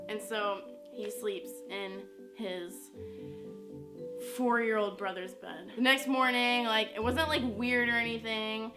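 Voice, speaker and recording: A woman's voice: fairly high pitch, steady tone, takes it slowly, over music. A young woman telling a personal story in a casual vlog, chatty and full of fillers. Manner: chatty, lots of "like" and "you know". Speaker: YouTuber.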